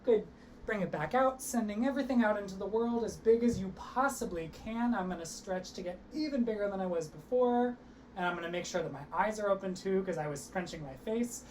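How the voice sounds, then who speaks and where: A young woman teaching an online theatre workshop, leading vocal and body warm-ups with upbeat encouragement. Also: medium pitch, normal speed, slight background noise. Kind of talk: online acting workshop instruction.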